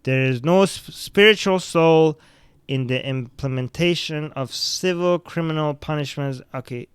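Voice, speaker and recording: Man podcast host who is a non-native English speaker: pitched a bit high, smooth, clear voice, dry close sound, ranting and swearing. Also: a little slow, no echo. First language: not English. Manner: blunt, profane and ranting. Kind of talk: casual news commentary reading viewer comments.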